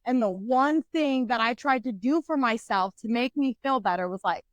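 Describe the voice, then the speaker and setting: Podcast co-host, young woman, high pitch, profane and animated storyteller. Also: normal speed, dry recording, lo-fi sound. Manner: blunt, swears constantly, animated.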